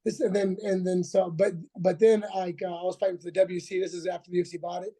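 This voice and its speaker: A man's voice: high-pitched, flat delivery, fast talker, mellow. A man in his forties, a former fighter, telling a rambling, profane story as a podcast guest, full of restarts and acted-out quotes. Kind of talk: casual storytelling interview.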